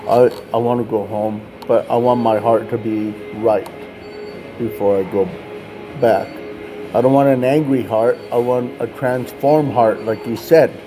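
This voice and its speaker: A man's voice: medium pitch, fairly even intonation, measured pace, music in the background, close to an everyday voice, poor audio. A man voicing a young male gang member who speaks in casual slang. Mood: earnest. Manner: casual, says man a lot.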